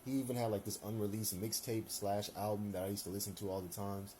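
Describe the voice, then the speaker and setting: A man's voice: on the low side, flat delivery, fast, warm tone, slight background noise. A young man giving his opinions in a loose, rambling monologue, full of slang and fillers. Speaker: solo commentator.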